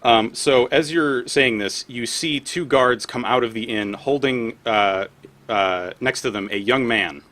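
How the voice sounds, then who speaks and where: A man running a tabletop game as game master, narrating haltingly with many fillers. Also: mid-range voice, fairly bright tone. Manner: hesitant, many fillers, narrates and voices townsfolk.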